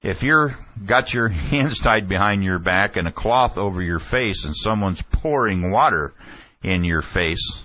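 A man hosting a political talk show, retelling an exchange and commenting on it with growing indignation. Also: deep voice. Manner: indignant, acts out the quoted exchanges with rising heat. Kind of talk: opinionated commentary retelling an event. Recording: dull, slightly lo-fi dry sound.

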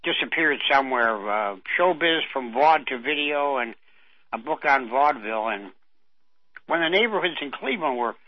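A man's voice: medium pitch, lively intonation, normal speed, dry recording. An older man co-hosting a radio show, reminiscing in a rambling way with many fillers. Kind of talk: casual radio chat. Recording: dull dry radio audio.

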